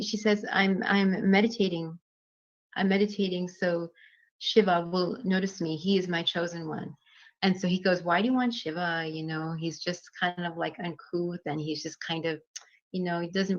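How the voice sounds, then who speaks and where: Lady dance teacher telling stories to a class, lowish voice, lots of ums, muffled lo-fi audio. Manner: conversational with many fillers and restarts. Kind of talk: storytelling in a class. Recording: dull lo-fi sound.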